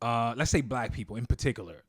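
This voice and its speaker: A man's voice: mid-range voice, lively intonation, quick pace, no echo, studio quality. A man co-hosting a casual podcast debate, talking animatedly and acting out quoted people in a raised voice. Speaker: podcast co-host.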